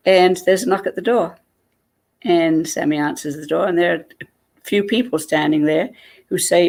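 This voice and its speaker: Gravelly woman telling a story. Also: lowish voice, moderate pace. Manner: lively storyteller who acts out what people said. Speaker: guest. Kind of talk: personal storytelling.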